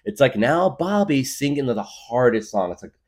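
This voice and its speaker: A man's voice: medium pitch, very animated, moderate pace, darkish tone. A man in his thirties hosting a podcast, rambling through a comedic monologue with lots of fillers. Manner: rambling, full of fillers, laughs at his own jokes. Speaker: podcast host.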